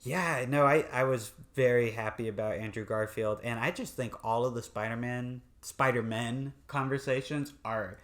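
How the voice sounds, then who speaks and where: A man co-hosting a movie podcast in a relaxed, chatty way. His voice sits in an ordinary middle pitch, and he laughs easily and drops the odd swear word. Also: moderate pace, hardly any pauses. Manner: laid-back, swears casually, laughs often. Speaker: podcast co-host. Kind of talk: casual movie review chat.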